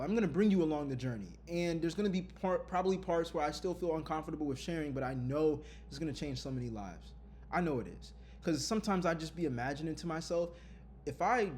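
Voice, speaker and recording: A man vlogging openly to his viewers, earnest and lively, often repeating his phrases. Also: a little high, slight background noise. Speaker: content creator. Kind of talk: candid vlog talk.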